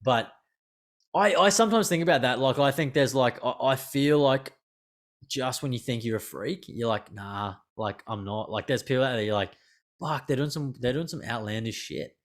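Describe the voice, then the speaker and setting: A man hosts a casual podcast over a remote call, talking in loose, rambling runs. He leans on "like" and swears without a second thought. His pitch sits in an ordinary middle range. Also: normal speed. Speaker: podcast host.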